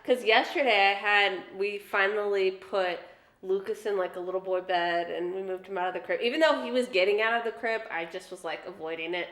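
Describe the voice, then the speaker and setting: A young woman with an El Paso Texas accent, hosting a casual chat in an animated way and laughing easily. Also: medium pitch, brisk. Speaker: podcast host. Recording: echoey room.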